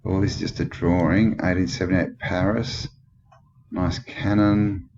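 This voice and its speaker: A man's voice: low voice, little pitch movement, measured pace, darkish tone. An Australian man giving a rambling commentary over old photos, musing and skeptical, thinking aloud with many questions. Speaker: channel host. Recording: dull lo-fi with clear background noise.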